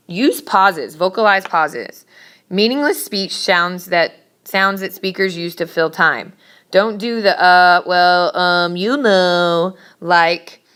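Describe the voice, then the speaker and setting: A woman teacher giving a brisk, emphatic classroom lecture on public speaking, scolding her students now and then. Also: mid-range voice, a bit bright.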